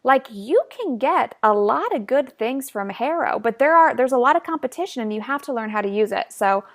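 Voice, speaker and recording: Upbeat and expressive, this podcast host speaks a little fast in a slightly high voice. In a casual interview format, she walks her listeners through practical tips.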